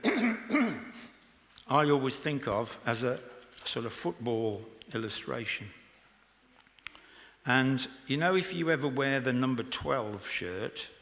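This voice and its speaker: A man's voice: medium pitch, vocal fry, a bit bright. A man preaching an informal sermon in church, chatty and joking with the congregation. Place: church hall. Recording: echoey church hall.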